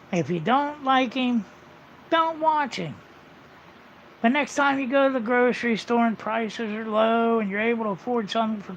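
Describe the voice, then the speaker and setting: A man with a high, gravelly voice rants on a livestream, swearing freely and wandering from point to point. The sound is muffled and lo-fi. Faint background ambience sits under his voice. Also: slight background noise. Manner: profane, rambling, blunt. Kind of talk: casual ranting monologue.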